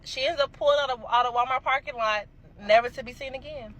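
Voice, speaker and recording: A young adult woman telling a casual storytime, animated and emphatic, swearing freely. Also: sits high, fast, rough recording.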